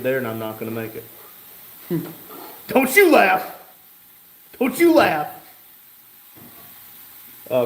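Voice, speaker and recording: A man with a slightly high voice hosts a live stream, reading viewers' comments and tossing in dry, joking remarks. He sounds like he's in a roomy, echoey garage, with a faint hiss of noise underneath. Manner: joking, wry asides while reading comments aloud. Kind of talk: casual live-stream chat.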